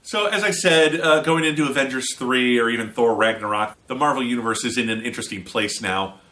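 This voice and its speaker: Bright-voiced chatty male movie reviewer. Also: mid-range voice, a little fast. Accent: American. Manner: chatty, opinionated, sarcastic asides. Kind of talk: casual spoken review.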